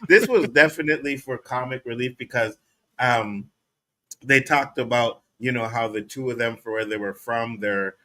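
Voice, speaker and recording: Bright-voiced man recapping a show. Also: mid-range voice, normal speed. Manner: animated, laughing, acts out character quotes. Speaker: podcast co-host. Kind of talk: casual recap chat.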